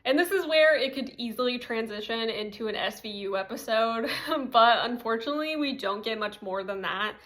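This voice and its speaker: A woman's voice: fairly high pitch, moderate pace, a bit bright. Chatty young woman recapping TV. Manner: chatty, frequent "like" fillers, giggly asides. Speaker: TV recap commentator. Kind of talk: casual TV recap commentary.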